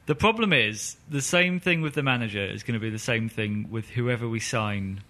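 Bright-voiced blunt man. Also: medium pitch, normal speed. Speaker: podcast co-host. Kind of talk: casual football chat.

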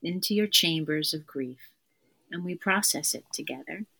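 A woman therapist speaks as a guest on an interview podcast, with a voice that sits a little low. She talks earnestly and with emphasis, often repeating her key phrases. Her manner is conversational. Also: normal speed, gravelly, bright, forceful tone, breathy edge.

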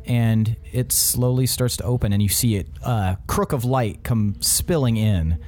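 A man narrating a tabletop game as game master, relaxed and chuckling often. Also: medium pitch, a little slow, faint music behind.

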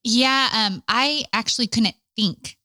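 A woman's voice: on the high side, slow pace, no room sound. A woman co-hosting a podcast with her husband, speaking reflectively and offering short affirmations. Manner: reflective, soft-spoken, brief affirmations. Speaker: podcast co-host. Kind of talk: casual couple's podcast chat.

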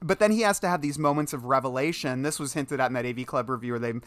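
A man co-hosting a casual podcast about a film, animated and quick to laugh. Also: medium pitch, no room sound. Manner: animated, laughs often, mimics the actors he discusses. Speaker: podcast co-host.

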